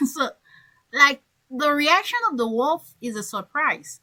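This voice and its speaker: A woman's voice: high voice, lively intonation, slow pace, bright, forceful tone, poor audio. A woman English coach teaching a class, who encourages her learners and repeats key phrases.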